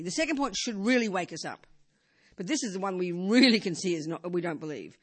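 Older woman giving a conversational Buddhist talk. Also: medium pitch. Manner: conversational, frequent "you know" and rhetorical questions. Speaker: Buddhist teacher. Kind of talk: informal dharma talk.

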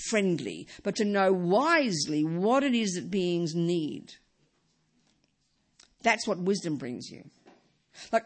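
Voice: mid-range voice, a bit bright, slightly rough. A middle-aged Buddhist teacher giving a dharma talk, emphatic and repeating key phrases.

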